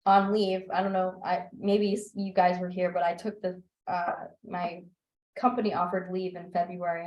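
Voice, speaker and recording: A young woman chats on a video call, her voice sitting fairly low and carrying a roomy echo. She tells stories with animation, laughing and acting out what she and others said. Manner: animated, laughing, quotes herself in lively voices. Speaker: book club member. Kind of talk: casual chat on a video call.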